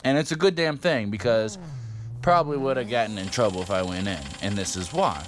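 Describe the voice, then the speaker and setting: A man's voice: fairly low pitch, a little fast, a little hiss or hum. Rambling, profane middle-aged man storyteller. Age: 50s. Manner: rambling, profane, lots of fillers. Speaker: vlogger. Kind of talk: casual storytelling.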